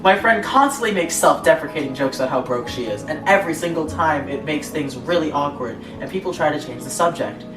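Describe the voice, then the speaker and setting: A woman's voice: deep voice, animated, brisk, few pauses, far from the mic. A young woman co-hosting a casual chat show, reading posts aloud with sarcastic asides and frequent laughter. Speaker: podcast co-host reading stories. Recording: echoey room, voice off-mic, faint music.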